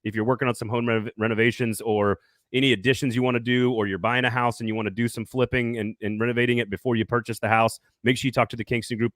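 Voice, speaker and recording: A man's voice: medium pitch, fairly bright tone, dry recording, studio quality. A man co-hosting a casual sports talk show, joking, laughing often and reading sponsor ads. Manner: jokey, laughs often, hypes co-host. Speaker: sports radio co-host. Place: Nashville studio.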